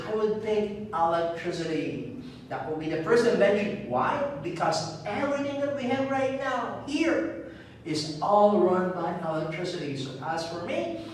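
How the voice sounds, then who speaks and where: A man with a fairly high voice teaches an English lesson at an unhurried pace. He sounds clear and deliberate, repeating drill words with steady stress. The recording is very echoey, with the voice set back from the mic and faint room noise behind it. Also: recorded from a distance.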